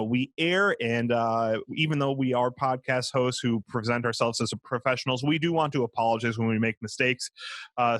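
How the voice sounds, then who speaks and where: A man's voice: medium pitch, fairly bright tone, no room sound, studio quality. A man co-hosting a podcast in casual chat, rambling with fillers and self-deprecating laughs. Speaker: podcast co-host.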